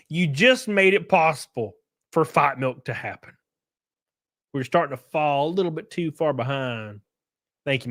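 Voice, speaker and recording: A man's voice: a little high, a bit bright, no echo, studio quality. A man hosting a casual live stream, rambling through effusive thanks to viewers and reading a story aloud.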